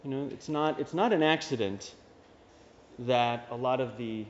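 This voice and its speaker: A male Dominican priest gives a conversational homily with wry asides. His voice is mid-pitched, with a long reverb from the church around him. The recording is dull and lo-fi. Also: measured pace.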